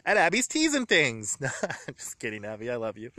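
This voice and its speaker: Man, bright tense voice, dry close sound, emotional home vlog, rambling and grateful. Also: mid-range voice, wildly swooping pitch, brisk, no room sound. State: excited and shaky. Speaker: vlogger.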